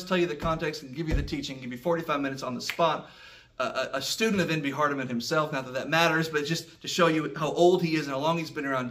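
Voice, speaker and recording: Animated, bright-voiced male Bible teacher. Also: fairly high pitch, recorded from a distance. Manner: animated, emphatic, loud rises for effect. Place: classroom.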